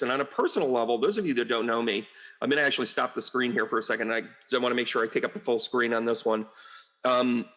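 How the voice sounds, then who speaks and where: Middle-aged American man, a medium, rambling casual monologue to camera, mid-pitched. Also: fairly bright tone. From United States. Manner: rambling, chatty, with frequent fillers and asides. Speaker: medium and astrologer.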